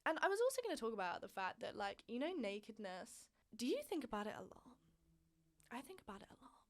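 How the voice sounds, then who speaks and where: A vlog host in her twenties tells a frank personal story, candid and chatty, with lots of swearing and emphasis. Her voice runs on the high side, very animated and a little fast.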